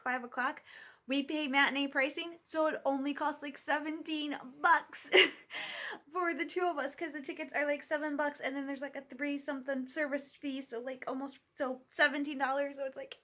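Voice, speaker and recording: A young woman chats straight to her camera in a casual vlog. Her voice sits high and bright, and she gushes and giggles, leaning on "like" fillers throughout. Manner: gushing, giggly, full of "like" fillers. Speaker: vlogger.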